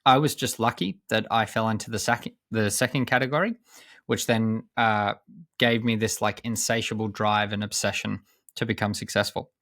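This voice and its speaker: Low-voiced man telling his story earnestly. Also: steady tone, a bit bright, dry recording, studio quality. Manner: measured and earnest, with frequent pauses and restarts. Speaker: high performance coach, podcast guest. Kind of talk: reflective personal storytelling.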